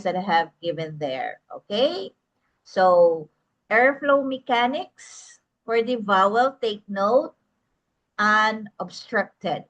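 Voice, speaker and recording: A woman's voice: mid-range voice, fairly bright tone. A woman lecturing an online class, often checking in with "okay?" and calling the students "guys". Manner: tags most phrases with "okay?", addresses students as "guys". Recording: dull lo-fi recording.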